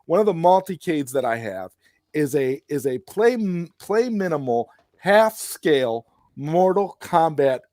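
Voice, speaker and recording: A man's voice: a little high, big pitch swings, unhurried, darkish tone, dry recording, studio quality. A man hosting a late-night chat, talking casually and with enthusiasm, often repeating himself. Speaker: host.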